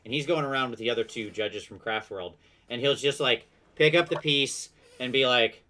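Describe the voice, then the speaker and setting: A man hosting a podcast, chatting casually with quick asides and self-deprecating laughs. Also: medium pitch, sharp tone. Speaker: podcast host. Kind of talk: casual chat.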